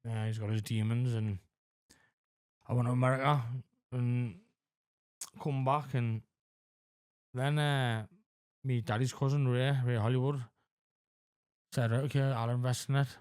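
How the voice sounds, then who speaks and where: A man in his forties talking candidly as a podcast guest, halting with lots of fillers and frequent swearing. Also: medium pitch, fairly even intonation, a little mellow, clean tone, no room sound, studio quality. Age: 40s. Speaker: podcast guest in addiction recovery. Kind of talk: candid conversational interview.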